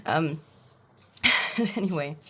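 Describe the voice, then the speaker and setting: A woman giving a casual pick-a-card tarot reading at home, halting and full of fillers, with blunt irritated outbursts. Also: deep voice, slightly rough. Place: home, seated.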